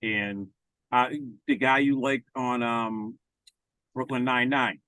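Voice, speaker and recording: A man's voice: mid-range voice, fairly even intonation, slow, pushed and bright, clean tone, no room sound, poor audio. Opinionated man ranting in a dry room. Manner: opinionated, ranting, with frequent restarts. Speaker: podcast co-host. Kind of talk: casual chat.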